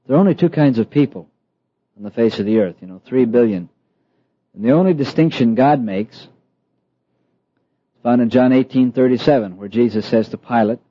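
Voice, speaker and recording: A middle-aged man preaching a sermon, slow and emphatic, with dramatic pauses and soft asides. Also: mid-range voice, dry recording. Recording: dull, lo-fi dry sound.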